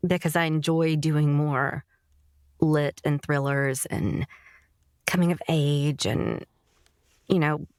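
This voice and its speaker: Lowish voiced woman narrator just chatting, rambly, lots of like and you know, dry close sound. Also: fairly even intonation, slow, pauses often, a little mellow, clear, resonant tone, no echo. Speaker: audiobook narrator, podcast guest. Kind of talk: casual interview chat.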